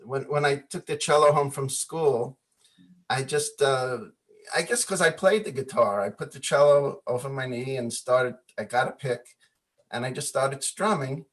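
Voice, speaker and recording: A man on a video call spins an anecdote with lively energy, slipping into other voices as he retells old conversations. His pitch sits in an ordinary middle range. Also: moderate pace. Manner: animated storyteller, acts out quoted voices, laughs often. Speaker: guest musician. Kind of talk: storytelling in a video call interview.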